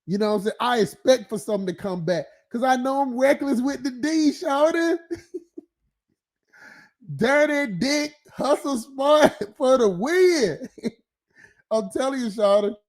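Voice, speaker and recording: Stream host, male, high-pitched, loose profane ranting monologue, laughs a lot, heavy filler. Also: animated, unhurried.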